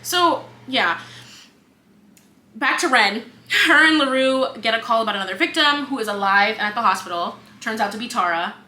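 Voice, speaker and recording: A young woman co-hosts a casual book podcast and retells the plot with lively asides and frequent swearing. Her voice is bright and fairly high. The room rings with echo. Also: moderate pace. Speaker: podcast co-host. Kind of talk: casual book review chat. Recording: echoey room with faint hum.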